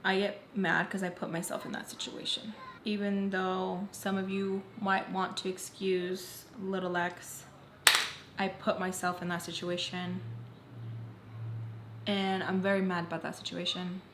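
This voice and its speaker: A woman's voice: on the low side, flat delivery, measured pace. A woman telling a storytime on her vlog, emphatic and candid, swearing bluntly as she recounts events. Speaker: vlogger. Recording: roomy echo, faint background noise.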